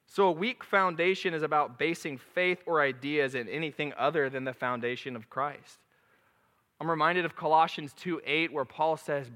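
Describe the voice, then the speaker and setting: A man preaching a sermon, reading scripture aloud with animated, dramatic emphasis. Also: a little high, normal speed, in a large hall.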